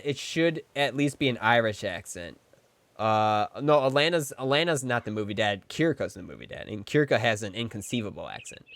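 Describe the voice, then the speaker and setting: Playful male streamer, lively pitch. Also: dry recording. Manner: playful, jokey, bursts into silly voices. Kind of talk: casual live-stream chat with gameplay.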